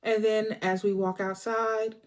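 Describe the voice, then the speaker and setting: A woman casually recapping a film's plot for a vlog, animated and acting out the characters' lines. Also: mid-range voice, a little slow. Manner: animated storyteller, acts out the characters. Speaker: movie reviewer.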